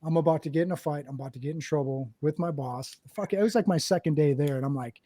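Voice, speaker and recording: A man hosting a podcast, telling a war story in a lively, profane way and acting out the people he quotes. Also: a little high, fast talker, no echo. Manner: animated, profane, acts out quotes. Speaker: podcast host, Marine veteran. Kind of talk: casual storytelling.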